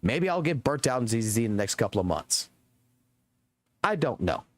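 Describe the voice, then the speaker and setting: A man's voice: mid-range voice, very animated, moderate pace, no echo. A man streaming games and ranting to his chat, swearing often and repeating himself for emphasis. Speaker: game streamer.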